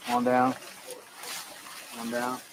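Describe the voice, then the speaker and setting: A man's voice: medium pitch, completely flat delivery, slow pace. A man on a work crew outdoors, calling out short instructions. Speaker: crane work crew member. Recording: distant outdoor voice with faint noise.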